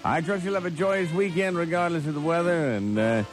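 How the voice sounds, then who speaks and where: A man's voice: fairly quick, faint music behind. A man hosting a radio morning show, telling comic stories in a theatrical way from a studio. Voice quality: animated, theatrical delivery with sudden pitch jumps.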